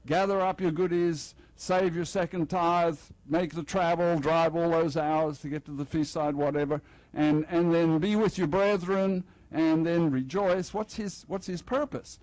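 A man's voice: on the high side, a little slow, darkish tone, no room sound, low-quality recording. An older man preaching a festival sermon in a loose, joking, conversational way, acting out little dialogues with the congregation. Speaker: pastor. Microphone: headset mic.

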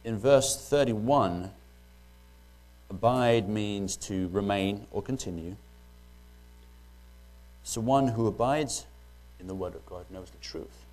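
A man's voice: lowish voice, slow, pauses often, darkish tone. A man with a British accent preaching a sermon, first joking lightly, then reading Bible verses and explaining them earnestly.

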